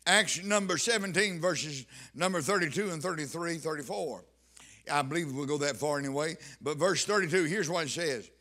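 A man's voice: fairly high pitch, moderate pace, sharp tone. A man preaching a sermon to his congregation, reading scripture and pressing his points with fervent emphasis. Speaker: pastor.

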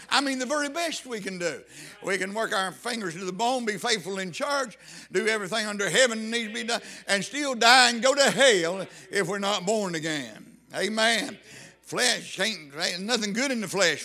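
Fervent high-voiced preacher. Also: male voice. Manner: fervent, rising to shouts and sung phrases. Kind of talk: revival sermon.

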